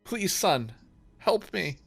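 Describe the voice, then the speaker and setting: A woman voicing a grief-stricken pirate's mother who pleads in a high, tearful voice. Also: sing-song, slow pace, vocal fry, breathy edge, full character voice. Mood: tearful pleading.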